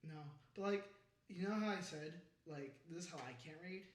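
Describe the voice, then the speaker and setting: A man's voice: a little high, moderate pace. A man co-hosting a casual podcast chat, teasing and swearing freely as he tells stories. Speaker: podcast co-host. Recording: echoey room, distant mic, faint noise.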